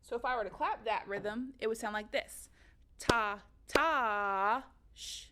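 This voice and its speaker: A woman's voice: fairly high pitch, brisk, noisy background. A woman music teacher giving a recorded lesson for children, upbeat and encouraging, counting beats and chanting rhythms aloud.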